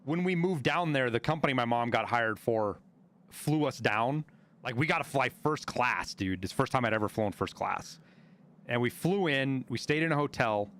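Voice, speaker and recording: A man from Montana, a streamer telling stories in casual chat, animated and full of swearing. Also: medium pitch. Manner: profane, animated storyteller.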